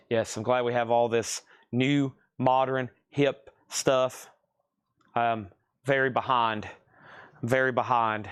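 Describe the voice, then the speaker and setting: A man's voice: mid-range voice, smooth, no room sound. A man hosting a live record sale, calling out titles and prices, addressing buyers by name and adding chatty, self-deprecating asides. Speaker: host selling records on a livestream. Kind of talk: live auction sales patter.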